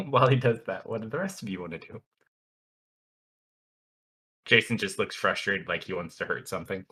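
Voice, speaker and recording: A man's voice: on the low side, animated, moderate pace, sharp tone, slightly rough. A man narrating a tabletop role-playing game as dungeon master in a laid-back way, often laughing as he goes.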